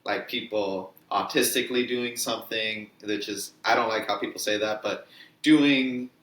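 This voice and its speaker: A man's voice: lowish voice, fairly even intonation, normal speed, fairly bright tone. A man co-hosting a casual chat, earnestly explaining a list with fillers. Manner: earnest, reads out lists with fillers. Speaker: podcast co-host. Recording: echoey room with faint noise.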